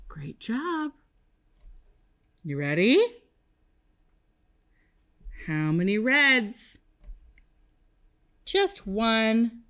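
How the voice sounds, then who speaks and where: A kindergarten teacher leads a classroom lesson broadcast on TV, her pitch very animated and her pacing slow and deliberate. She has the young children repeat after her in a sing-song call-and-response.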